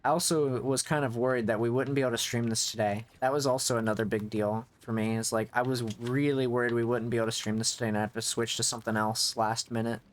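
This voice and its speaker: Guy streaming a game, chatty rambling commentary, keeps cutting himself off and fixing what he said, middle-pitched voice. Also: steady tone, fast, few pauses. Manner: rambling, restarts mid-thought, self-correcting. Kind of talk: casual gameplay commentary.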